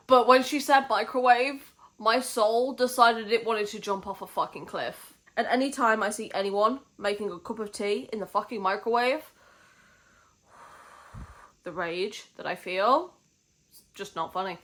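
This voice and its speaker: British woman, young, casual book vlogger, slightly high voice, sweary ranter. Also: normal speed, a bit bright. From Britain. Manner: chatty, swears freely, ranting in mock outrage. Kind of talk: casual vlog chat.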